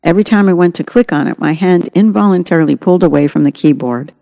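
A woman's voice: lowish voice, quick pace, creaky, warm tone, in a large hall. A woman narrating her own memoir as an audiobook, in an earnest, reflective way.

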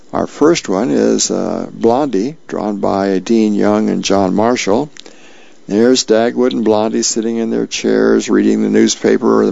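A man's voice: lowish voice, creaky, a little mellow, dry recording. A man casually reading newspaper columns and comic strips aloud on the radio, with fillers along the way. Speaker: radio reader. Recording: dull lo-fi sound, dry.

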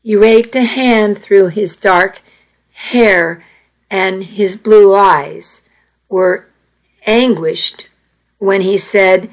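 A woman reading a first-person story aloud at an unhurried pace, with small restarts. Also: medium pitch, poor audio. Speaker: narrator reading a novel aloud. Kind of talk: first-person audiobook narration.

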